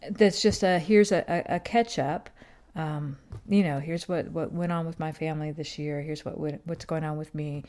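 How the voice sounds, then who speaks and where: Rambling low-voiced woman in her fifties. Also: fairly even intonation, moderate pace, darkish tone. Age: 50s. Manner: meandering, many fillers and restarts. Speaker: podcast host. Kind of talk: casual rambling monologue.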